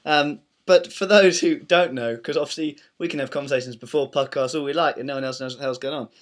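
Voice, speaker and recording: A man's voice: mid-range voice, fast talker. A British man hosting a podcast, joking, teasing and rambling as he introduces a guest and asks questions. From Britain. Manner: jokey, teasing, rambling with restarts. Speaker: podcast host. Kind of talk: podcast banter and interviewing.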